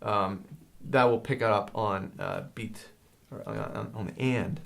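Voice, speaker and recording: A man teaching a drum lesson in a casual, rambling way, hesitating and filling pauses as he explains. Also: lowish voice, fairly even intonation, creaky. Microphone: handheld field recorder.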